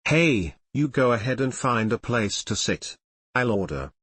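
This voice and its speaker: Boastful playful teenage boy, read by a man; sarcastic, lively, dry close sound. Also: medium pitch, measured pace, husky, dry recording, full character voice. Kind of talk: audiobook reading of fan fiction.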